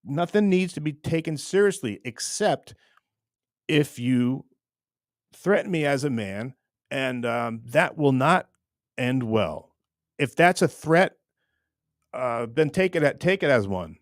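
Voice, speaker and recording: A man's voice: mid-range voice, no echo, clean studio sound. A man hosting his own online show, ranting casually to camera in a rambling, teasing way with many restarts. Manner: rambling, repeats words and restarts often, teasing.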